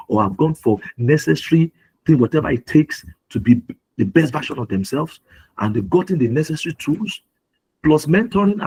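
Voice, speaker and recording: A man's voice: medium pitch, a little mellow, breathy edge, poor audio. A middle-aged man from Nigeria giving an earnest talk on parenting at a webinar, often repeating his key phrases for emphasis. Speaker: webinar speaker.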